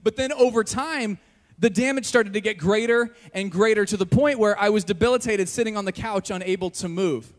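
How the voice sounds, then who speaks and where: A young pastor with a high, light voice tells his story with joking asides and quick shifts of energy. His words ring out with a long echo through a large church hall. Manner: jokey, animated storyteller. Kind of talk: sermon with personal story.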